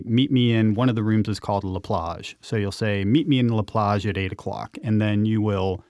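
A man's voice: on the low side, darkish tone, dry recording, studio quality. A man, an urban explorer and author, telling vivid, enthusiastic stories as a guest on a radio interview.

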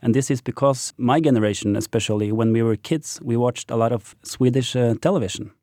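A man from Norway with a Norwegian accent, a guest explaining things in a relaxed way on a radio talk show. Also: mid-range voice, brisk, no echo, clean studio sound.

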